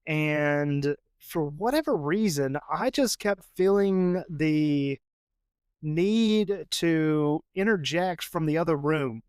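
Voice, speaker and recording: A man's voice: fairly high pitch, slow, a little mellow, clean tone, no room sound, clean studio sound. A man talking casually as a podcast guest, rambling and chatty, with lots of fillers and acted-out quotes. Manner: rambling and chatty, full of fillers, acts out what others said. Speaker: podcast guest, father and jewelry designer. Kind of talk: casual conversation.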